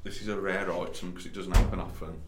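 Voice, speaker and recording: A man's voice: low-pitched, flat delivery, fast, recorded from a distance. A young man co-hosting a podcast in casual chat, laid-back, laughing along and dropping dry asides. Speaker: podcast co-host. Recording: echoey room with faint hiss.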